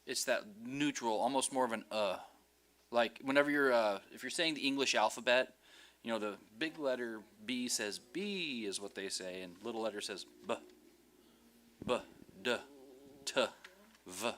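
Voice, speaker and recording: A man's voice: mid-range voice, moderate pace, fairly bright tone, a little hiss or hum. A man teaching a Hebrew class, patient and explaining with examples and light jokes. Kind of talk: online class instruction.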